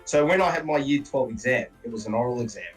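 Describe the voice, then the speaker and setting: A man from Australia chatting casually as a guest on a game stream, telling animated stories and mimicking his relatives. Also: mid-range voice, fast talker, distant mic, soft background music, low-quality recording. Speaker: guest player.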